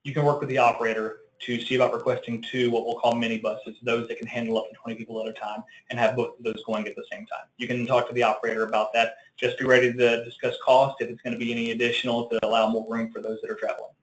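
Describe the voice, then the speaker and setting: A man with a Southern American accent talks through a webinar answer at a middling pitch. He explains patiently, with ums and small restarts, and his voice rings in a roomy, echoey space. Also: level tone, fast talker, few pauses. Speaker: tourism marketing presenter.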